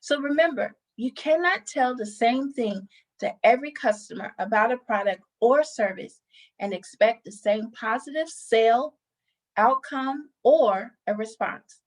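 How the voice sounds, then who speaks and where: A woman presenting a customer service training lesson, explaining in a measured way and stressing key words. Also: fairly high pitch. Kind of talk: instructional presentation.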